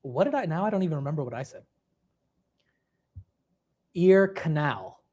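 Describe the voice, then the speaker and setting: A young man hosting a casual livestream, laughing at himself and reacting quickly to the chat. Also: on the high side. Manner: animated, self-mocking, reacting to chat. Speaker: livestream host.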